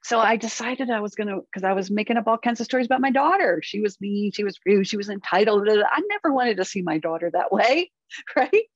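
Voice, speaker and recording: A middle-aged woman speaks as a parent coach in an earnest, animated way, often slipping into little acted bits of inner dialogue. Her voice sits at an ordinary middle pitch. The recording is close and dry with a slightly dull, muffled tone. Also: a little fast, dry recording. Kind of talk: conversational interview.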